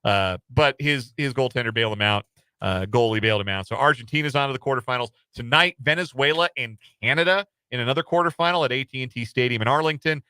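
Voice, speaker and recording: A man's voice: medium pitch, fast, sharp tone, clear, resonant tone, dry recording. A man hosting casual sports talk radio in a studio, rambling and self-deprecating with lots of fillers. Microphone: studio microphone.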